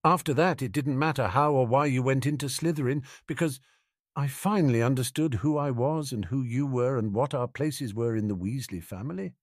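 A man's voice: mid-range voice, normal speed, dry recording, natural voice. A man reading a bitter, sarcastic teenage boy. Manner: dry, sarcastic, resentful.

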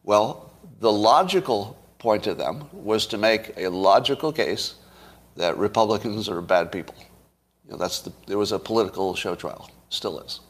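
A middle-aged man delivers solo political commentary to camera, sarcastic, posing rhetorical questions to his audience and chuckling at his own points. His voice is fairly low-pitched at a moderate pace.

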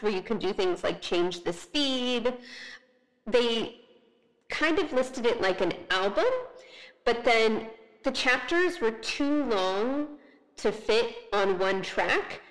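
Chatty woman, slightly high voice. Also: animated, a little slow, poor audio. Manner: chatty, with many "like" fillers. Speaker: podcast co-host. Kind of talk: casual chat and reading aloud.

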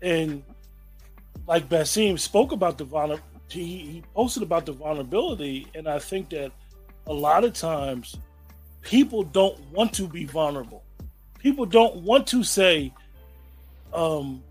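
A man's voice: on the high side, lively intonation, unhurried, a little mellow, breathy edge, soft background music. A man hosting a casual group discussion, reflective and thoughtful, often restarting sentences as he thinks.

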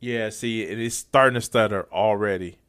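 A man's voice: on the low side, normal speed, a bit bright. A man streaming live, reacting to a clip with incredulous commentary, stammering, swearing and restarting his sentences.

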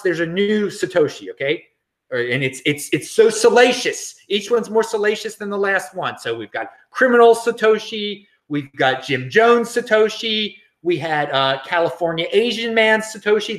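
A man's voice: high voice, a bit bright, roomy sound. A man hosting a casual commentary show, joking and rambling, often repeating words. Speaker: host. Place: home studio in Los Angeles.

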